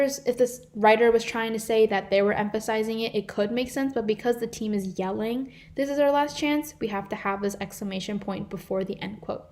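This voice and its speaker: Teen girl, volunteer tutor, mid-pitched, explains punctuation step by step on a computer mic. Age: teens. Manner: explanatory, reads example sentences aloud. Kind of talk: online live class lesson.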